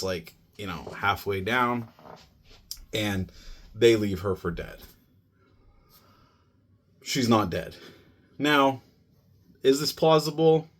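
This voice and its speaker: A man with a slightly low voice talks through a film plot for a podcast review. He speaks casually and conversationally, filling his sentences with "you know" and "like" as he goes.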